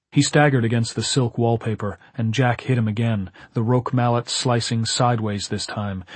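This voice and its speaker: A man narrating an audiobook in a measured, dramatic storytelling manner. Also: medium pitch, no room sound. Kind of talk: scripted narration.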